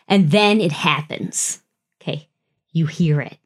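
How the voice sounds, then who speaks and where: Podcast host, young adult woman, lowish voice, playful, dramatic storyteller. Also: slow, slightly rough. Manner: playful, swearing, dramatic second-person storytelling with laughs.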